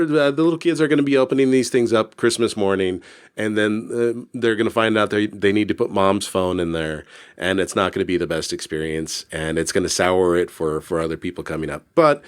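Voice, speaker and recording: A man's voice: fairly low pitch, normal speed, clear, resonant tone. A man co-hosting a podcast, talking casually in a rambling way with lots of fillers and restarts. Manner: rambling, filler-heavy, easygoing. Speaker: podcast co-host. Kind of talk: casual chat.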